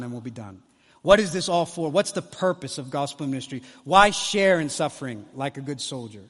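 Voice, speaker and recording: Impassioned preacher man, high voice. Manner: impassioned, swings from hushed to loud. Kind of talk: conference sermon. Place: large conference hall. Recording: long hall reverb.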